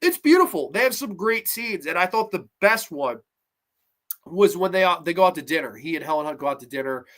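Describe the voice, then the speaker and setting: A man hosting a podcast, chatting casually about a film in a rambling, excitable way and swearing often. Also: high-pitched, a little fast. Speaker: podcast host. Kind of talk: casual movie review chat.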